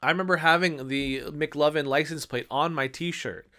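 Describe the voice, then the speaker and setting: Casting: man, 30s, eager movie-review vlogger, smooth clear voice, a touch high. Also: steady tone, normal speed, pushed and bright. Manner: enthusiastic, rambling with many fillers.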